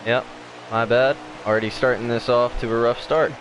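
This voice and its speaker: A man's voice: mid-range voice, steady tone, normal speed, noisy background. A man casually commentating an online sim race as host, with lots of fillers. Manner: casual, filler-heavy play-by-play.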